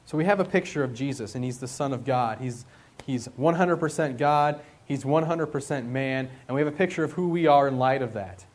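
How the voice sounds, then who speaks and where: A man preaching a sermon in a conversational, emphatic way, asking his listeners questions and slowing down on his key points. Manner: conversational, asks the audience questions; slow and emphatic, rising in pitch on key points.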